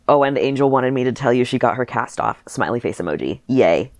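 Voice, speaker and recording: A man's voice: medium pitch, animated, brisk, dry recording, clean studio sound. A man co-hosting a podcast, reading his childhood writing aloud with wry comments and bursts of laughter. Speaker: podcast co-host.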